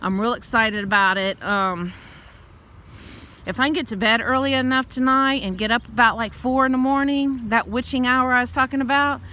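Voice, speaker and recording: A woman's voice: fairly high pitch, fairly even intonation, normal speed, bright, forceful tone. Winded middle-aged woman vlogging outdoors. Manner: chatty, laughs often, rambles into rants. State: out of breath. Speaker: vlogger and tarot reader. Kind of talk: casual vlog while walking. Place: outdoors, walking.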